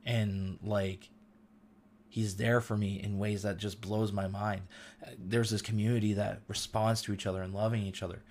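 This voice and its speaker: A man's voice: fairly low pitch, level tone, normal speed, darkish tone, a little hiss or hum. A middle-aged man hosting a casual faith talk, speaking earnestly and with feeling, using loose everyday slang. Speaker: host.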